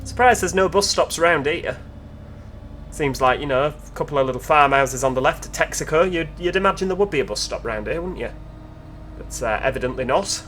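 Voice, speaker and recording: A man's voice: a little high, lively intonation, brisk, a bit bright, a little hiss or hum. A man giving casual, chatty commentary over gameplay, with joking asides to his viewers. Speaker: video game commentator.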